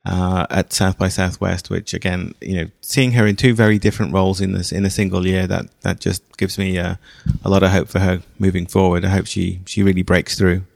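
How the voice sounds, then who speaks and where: A man's voice: low-pitched, flat delivery, a little fast, vocal fry, a little mellow, no room sound, clean studio sound. A man co-hosting a film podcast, talking through a review in a thoughtful, hesitant way with fillers. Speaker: podcast co-host. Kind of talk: casual film review chat.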